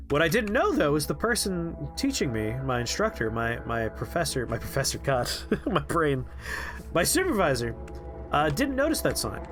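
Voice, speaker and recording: Animated man telling a story on stream. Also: a little high, moderate pace. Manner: animated, quotes people in shifting voices, laughs. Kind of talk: casual storytelling on a game stream. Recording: faint music behind.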